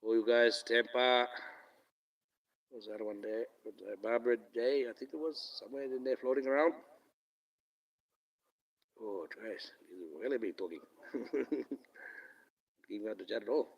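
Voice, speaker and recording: A man's voice: mid-range voice, a little slow, long pauses, far from the mic, dull audio. Rambling man on a phone stream. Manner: rambling, swears freely, laughs often. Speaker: livestream host. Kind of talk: casual live-stream chat. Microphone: phone camera.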